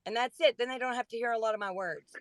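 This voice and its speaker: A woman in her forties co-hosting a podcast, telling a story in a chatty, animated way. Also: on the high side, fast, dry recording. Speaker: podcast co-host. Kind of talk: casual storytelling.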